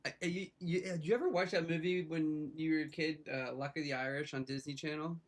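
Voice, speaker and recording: A man's voice: a little high, steady tone, a little fast. A man co-hosting a live trading stream, chatting casually in an easygoing, rambling way. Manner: easygoing, rambling, laughs often.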